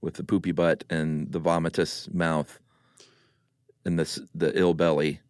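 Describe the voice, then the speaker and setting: A man's voice: very deep voice, flat delivery, measured pace, a little mellow, no echo, studio quality. A man, co-hosting a podcast in casual chat and telling rambling, jokey stories. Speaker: podcast co-host.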